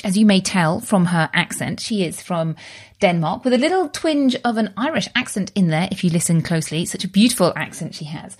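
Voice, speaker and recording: A woman hosting a podcast in a bubbly, upbeat and emphatic way. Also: medium pitch. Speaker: podcast host.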